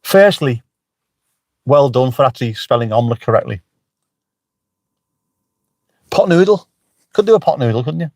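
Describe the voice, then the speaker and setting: A man's voice: mid-range voice, lively intonation, moderate pace, pauses often, a little mellow, dry recording. Joking middle-aged man, dry sound. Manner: chatty and joking, swears freely, reads out chat. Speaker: livestream host. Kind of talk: casual live-stream chat.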